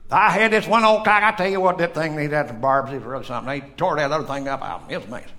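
A man's voice: a little high, rapid-fire, pushed and bright. A man voicing a cheerful, boastful rooster-fighting sailor with a South Carolina accent, told inside a sermon. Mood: bragging.

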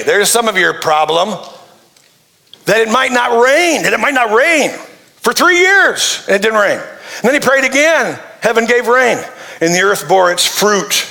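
A man's voice: high voice, gravelly, bright, forceful tone. A man preaching a sermon, playful and joking, acting out prayers in the voice of the people praying them. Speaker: pastor.

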